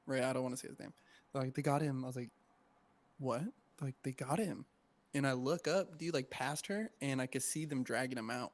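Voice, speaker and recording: A man's voice: medium pitch, steady tone, a little fast. A young man co-hosting a podcast, telling a story in casual slang, swearing and saying "bro" and "dude" constantly. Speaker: podcast co-host.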